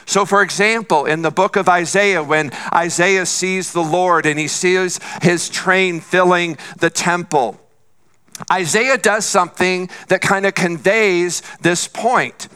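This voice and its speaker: A man's voice: high voice, a little slow, pushed and bright, smooth. A man preaching a sermon as pastor, earnest and repeating phrases for emphasis.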